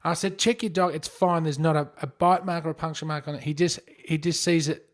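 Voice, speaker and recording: A man co-hosting a podcast, telling an animated story in casual chat and acting out the voices of the people in it. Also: on the high side, brisk. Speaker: podcast co-host.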